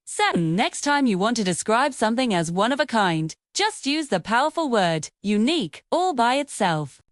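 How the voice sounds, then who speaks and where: A woman narrating a scripted English lesson, explaining grammar clearly and patiently with sing-song emphasis. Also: fairly high pitch, very animated, normal speed, no room sound, clean studio sound. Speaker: English teacher.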